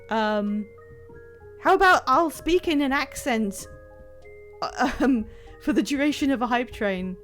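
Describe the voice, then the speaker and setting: A woman chatting casually on a live stream while playing a game, excitable and self-deprecating, rambling from one thought to the next. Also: on the high side, a little slow, faint music behind. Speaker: livestreamer playing a video game.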